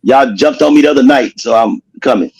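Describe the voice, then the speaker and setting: A man's voice: mid-range voice, a little fast, a little mellow, low-quality recording. Brief: playful, laughing man, casual interview guest. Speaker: cigar brand owner.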